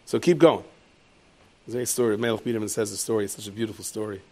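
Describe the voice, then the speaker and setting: A man giving a lively Torah lecture as a rabbi, jumping into high, loud voices when he tells stories. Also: fast. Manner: lively storyteller, leaps into high shouted voices for characters. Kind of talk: animated Torah lecture with storytelling.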